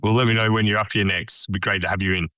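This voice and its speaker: A man's voice: fairly low pitch, rapid-fire. A man with an Australian accent, a chef telling a story as a podcast guest, swearing freely and acting out the dialogue. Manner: swears freely, animated anecdote with quoted dialogue. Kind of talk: casual storytelling chat.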